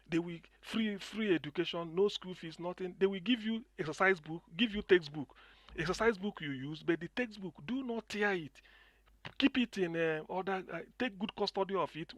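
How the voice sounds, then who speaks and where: A man's voice: high voice, a bit bright, dry recording. A middle-aged Nigerian man calling in, speaking passionately with many restarts and repetitions. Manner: impassioned, repetitive, restarts often. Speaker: caller. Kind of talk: passionate call-in commentary.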